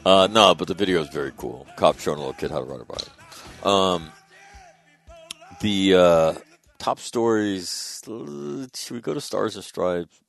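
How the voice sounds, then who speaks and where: A middle-aged man hosting a talk radio show, telling stories in a casual, animated way, swearing freely and loudly acting out other voices. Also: sits low, unhurried, gravelly, soft background music.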